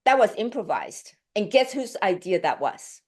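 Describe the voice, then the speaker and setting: A woman actress telling a story in a casual interview, chatty and animated, acting out quoted lines and laughing often. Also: mid-range voice, normal speed. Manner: chatty, many fillers and restarts.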